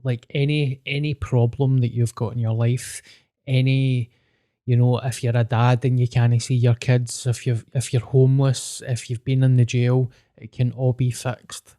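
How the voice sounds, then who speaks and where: Mellow-voiced Scottish man, earnest and sweary. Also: mid-range voice, flat delivery, a little slow, dry recording, studio quality. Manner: earnest, sweary, plain-spoken. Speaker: podcast guest. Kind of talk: casual chat.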